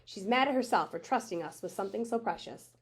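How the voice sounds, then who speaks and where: A woman voicing a stern but loving older woman who guards magic, brisk and commanding, in a read-aloud of a children's book. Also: medium pitch, lively intonation, breathy edge. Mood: firm. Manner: brisk, commanding, matter-of-fact.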